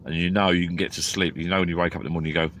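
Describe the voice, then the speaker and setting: Speaking very fast in a low, flat voice with a fairly bright tone, this fishing vlogger is worn out and drowsy as he chats rambly on a live stream. He's inside a small tent at a lake at night, and slight background noise can be heard.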